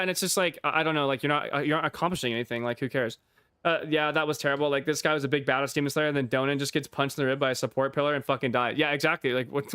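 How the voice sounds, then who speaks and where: A man's voice: fairly high pitch, a bit bright, smooth, dry recording. Profane streamer guy, dry close mic. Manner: profane, rambling, laughs often. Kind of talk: casual livestream chat.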